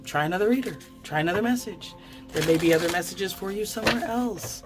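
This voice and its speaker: A woman giving a casual tarot card reading, chatty and quick to swear, often stammering and restarting her sentences. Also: mid-range voice, over music. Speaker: tarot reader.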